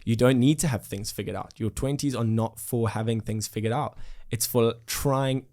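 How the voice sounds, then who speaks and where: A man's voice: medium pitch, fairly even intonation, normal speed, darkish tone. A young man in his twenties with a South African accent, talking earnestly and reflectively in an interview, with many fillers and restarts. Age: 20s. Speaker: musician guest. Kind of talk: casual interview conversation.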